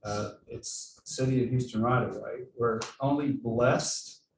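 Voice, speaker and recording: A man on a board who speaks in a halting way, with restarts, during a meeting discussion. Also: mid-range voice, steady tone, gravelly, distant mic. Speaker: board member. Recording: echoey room, off-mic, faint noise.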